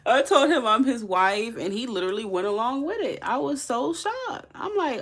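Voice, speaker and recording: A woman's voice: mid-range voice, expressive, brisk, few pauses, a bit bright. A woman reading tarot on a live stream, chatting casually with viewers and laughing often. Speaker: tarot reader.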